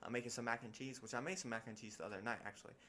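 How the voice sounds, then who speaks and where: A young man in casual podcast chat, full of animated storytelling. He acts out quoted lines with sudden jumps up in pitch. A faint hiss of noise sits behind his middle-pitched voice. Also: rapid-fire. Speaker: podcast co-host.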